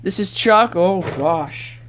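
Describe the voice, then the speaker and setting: A woman vlogger giving a casual, rambling tour of her sketchbook, breaking into sudden excited outbursts. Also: medium pitch, slow, slight background noise.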